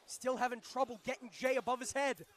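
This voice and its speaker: A man calling live pro wrestling play-by-play, excitable and shouting the big moves. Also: very high-pitched, fairly quick.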